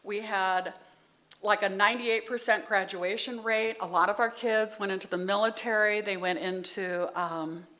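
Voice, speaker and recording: A woman's voice: mid-range voice, fairly even intonation, moderate pace, bright, forceful tone. A middle-aged woman speaking at a recovery meeting, telling her story candidly and conversationally, heartfelt and near tears at times. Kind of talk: personal testimony at a meeting.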